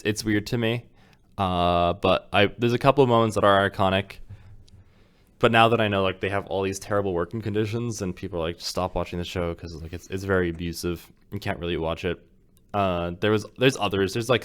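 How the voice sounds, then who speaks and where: A man's voice: deep voice, fairly even intonation, moderate pace, a bit bright, clear, resonant tone. A young man telling a story in casual podcast chat, rambling with lots of "like" and acting out quotes. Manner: rambling storyteller, acts out quotes with many fillers. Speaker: podcast co-host.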